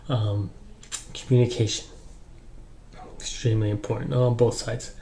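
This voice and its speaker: A young man giving casual relationship advice in a relaxed, rambling way, with lots of ums and you-knows. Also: mid-range voice, a little slow, creaky, slight background noise. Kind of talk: casual advice talk to camera.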